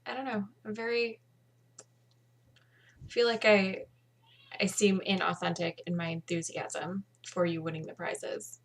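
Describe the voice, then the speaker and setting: A woman's voice: mid-range voice, unhurried, long pauses. Casting note: woman in her thirties, worn-out but chatty home podcast host, mid-range voice. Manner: chatty, tired, bursts of excitement. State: tired. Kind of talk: casual video podcast chat.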